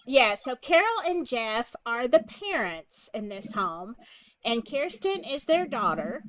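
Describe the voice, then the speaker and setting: A woman's voice: fairly high pitch, takes it slowly, no room sound, poor audio. A woman hosting a live stream in a casual chat, reading out a report and viewer comments. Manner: animated, reads from a report and from chat.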